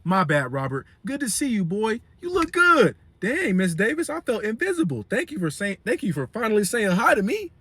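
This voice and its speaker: A young man vlogger telling a story casually, full of slang and fillers, animated. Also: sits high, moderate pace, hardly any pauses, slightly rough, no echo.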